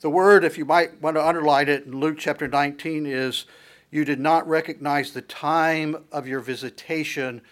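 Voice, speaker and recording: A middle-aged pastor preaching a sermon, building his points through repeated rhetorical questions and a steady preaching cadence. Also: on the high side, moderate pace.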